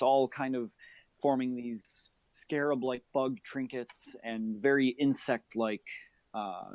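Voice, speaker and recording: A man's voice: mid-range voice, darkish tone, no room sound. Man narrating as game master. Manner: descriptive, with many filler "uh"s.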